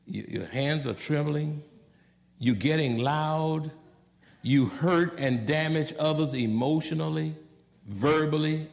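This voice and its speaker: Pastor, male, gravelly and fairly high voice, animated sermon delivery, long hall reverb. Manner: swings from hushed to loud, animated preaching with quoted asides.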